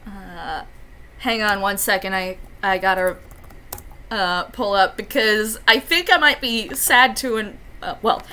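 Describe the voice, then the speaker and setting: A woman's voice: medium pitch, unhurried, sharp tone, clean tone. A woman narrating as game master, hesitant and full of fillers.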